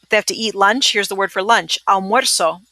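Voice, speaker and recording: A woman's voice: mid-range voice, bright, forceful tone. A woman teaching Spanish vocabulary, patiently repeating each word so students can say it back. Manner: patient, repeats words slowly for students to echo. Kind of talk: recorded vocabulary lesson.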